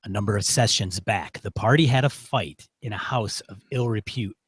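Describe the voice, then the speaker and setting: A man's voice: lowish voice, normal speed, breathy edge, dry recording. A man co-hosting a gaming podcast, chatting casually and reading listener emails aloud. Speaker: podcast co-host. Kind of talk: casual chat.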